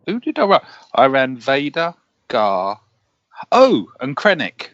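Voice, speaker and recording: A man on a casual live Q&A panel, chatty and quick to laugh. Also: medium pitch, huge pitch swings, a bit bright, no room sound, muffled recording. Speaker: panel guest.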